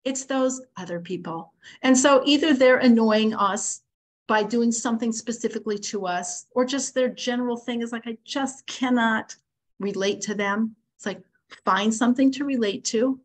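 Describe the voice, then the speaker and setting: A middle-aged woman with a fairly high voice and moderate pace teaches a Torah lesson as chatty storytelling. She animatedly performs both sides of the dialogue, says "like" often, and sprinkles in Hebrew and Yiddish words.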